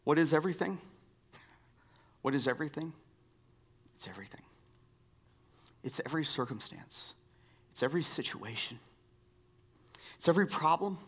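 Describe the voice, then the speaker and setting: A pastor giving a sermon, repeating key phrases and dropping from strong emphasis to near-whispers. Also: male voice, a little high, moderate pace, pauses often, husky. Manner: dynamic swings from loud emphasis to hushed near-whispers.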